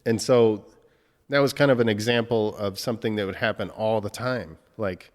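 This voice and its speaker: A man hosting a podcast, speaking emotionally in a halting tribute monologue, swearing often and breaking off to collect himself. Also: fairly low pitch, in a large hall. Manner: halting, many restarts and fillers, heavy swearing. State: emotional, choked up. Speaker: podcast host.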